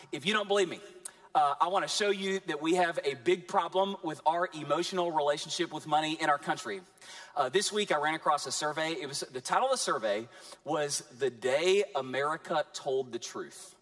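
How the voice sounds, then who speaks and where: Male pastor, high voice, lively sermon delivery with dramatic pauses. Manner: animated preaching with dramatic pauses.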